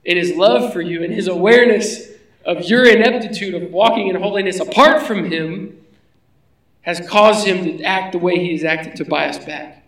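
Guy preaching a sermon, pretty high voice, roomy echo, mic kinda far off. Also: normal speed, fairly bright tone. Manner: conversational preaching, rhetorical questions. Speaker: pastor.

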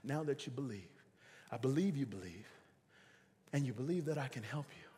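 A preacher voicing a calm, patient divine voice from above that questions a man, in a long-echoing hall. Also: medium pitch, normal speed, natural voice.

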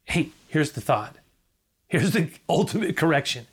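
A man's voice: fairly high pitch, animated, unhurried, fairly bright tone, husky. A middle-aged man preaching a sermon as a pastor, earnest, repeating key phrases and sometimes dropping almost to a whisper.

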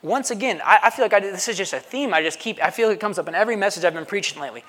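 A man's voice: sits high, lively intonation, rapid-fire, a bit bright. A male pastor preaching a sermon in a conversational way, often checking in with the congregation by asking "right?". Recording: long reverb of a large hall.

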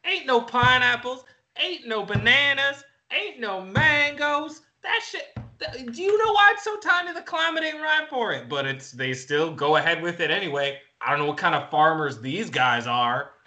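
A man's voice: on the high side, normal speed, few pauses, pushed and bright. A man playing a hot-tempered male fruit farmer with a Southern US drawl in an improv comedy sketch. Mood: angry. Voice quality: drawling, indignant.

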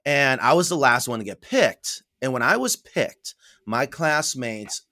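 Middle-aged man, from New York State, podcast guest, animated storytelling, quotes voices, medium pitch. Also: measured pace. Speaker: podcast guest, coop builder. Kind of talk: casual storytelling interview.

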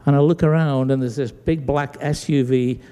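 This pastor's voice is mid-range, clear and resonant, moving at normal speed. Preaching in a church sanctuary with long hall reverb, the British man animatedly acts out the dialogue of the people in his story.

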